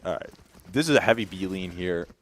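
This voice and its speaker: Deep-voiced male caster, lively swooping delivery, quick play-by-play with stammered restarts, faint noise under the headset mic. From Canada. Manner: rapid play-by-play, stammering restarts, bursts of laughter. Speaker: esports caster. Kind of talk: play-by-play commentary.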